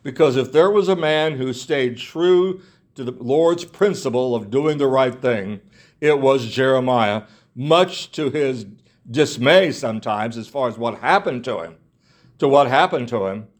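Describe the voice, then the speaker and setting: A man's voice: mid-range voice, animated, unhurried. A man preaching a sermon in an earnest way, repeating himself, restarting phrases and asking his listeners rhetorical questions.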